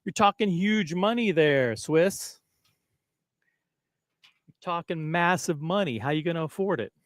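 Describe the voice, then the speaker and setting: A man's voice: fairly high pitch, expressive, a little slow, dry recording, clean studio sound. A man hosting a casual live stream, rambling and self-deprecating as he chats with viewers. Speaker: livestream host.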